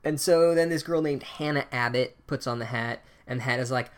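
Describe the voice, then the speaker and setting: A man's voice: medium pitch, fairly quick, few pauses. A man giving a profane, sarcastic comedic recap of a book chapter, ranting as he goes.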